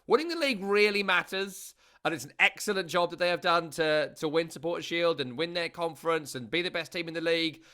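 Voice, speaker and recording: British-raised male host, teasing and jokey, fast talker with a higher voice. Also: pushed and bright. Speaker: podcast host. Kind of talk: casual podcast chat.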